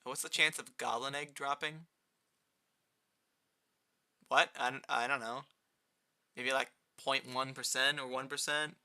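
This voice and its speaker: Bright-voiced young man streaming chat. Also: unhurried, pauses often, smooth. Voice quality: fairly high-pitched. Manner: rambling, answers chat, rising excited outbursts. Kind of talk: casual live-stream chat while gaming.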